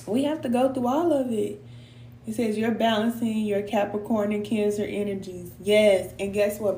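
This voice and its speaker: A middle-aged woman talks to her viewers in a folksy, chatty way and laughs easily. Her voice sits at a middle pitch for a woman. The sound bounces around a roomy space, with a faint hum underneath. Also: fairly even intonation, normal speed, dark tone. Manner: chatty, folksy, reads viewers' comments aloud and laughs often. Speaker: spiritual reader and host. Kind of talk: casual live-stream talk to viewers. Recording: echoey room with faint hum.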